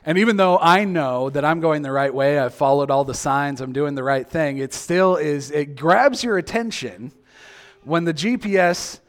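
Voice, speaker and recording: Man, sermon, lively storytelling, rhetorical questions, slightly high voice. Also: normal speed. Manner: animated storytelling, acting out quoted reactions; asks the listeners many questions. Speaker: preacher.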